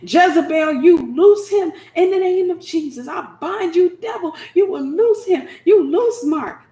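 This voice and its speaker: A woman voicing a desperate churchwoman who prays loudly and commandingly against a rival. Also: medium pitch, a little slow, gravelly. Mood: fervent. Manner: fervent, commanding prayer. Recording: roomy echo.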